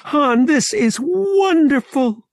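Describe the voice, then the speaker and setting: A man voicing an eager, excitable young woman. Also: drawn-out words, no room sound, studio quality, exaggerated voice. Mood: thrilled. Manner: exclamatory, bright high delivery.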